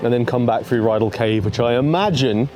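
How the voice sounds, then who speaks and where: A man's voice: mid-range voice, brisk. A young man talking casually to the camera as he fishes and hikes by a lake, chatty and self-mocking, often talking to the fish. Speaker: outdoor vlogger. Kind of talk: casual talk to camera while fishing and hiking. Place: outdoors by a lake. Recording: music playing behind the voice.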